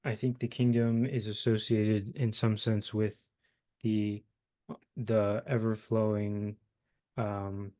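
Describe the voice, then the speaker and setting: A young man with a somewhat low voice talks his way slowly through abstract ideas. He pauses often, drops in fillers and restarts as he hunts for the right words. The tone is a relaxed conversation. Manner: halting, searching for words, many fillers. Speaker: host. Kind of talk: casual philosophical conversation.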